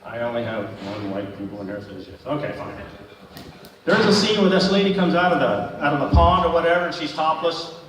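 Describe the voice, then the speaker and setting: A man's voice: fairly high pitch, lively intonation, a little fast, a bit bright. A male stand-up comedian telling crude, self-mocking stories to a small club audience. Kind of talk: stand-up set. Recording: echoey room, distant mic, faint noise.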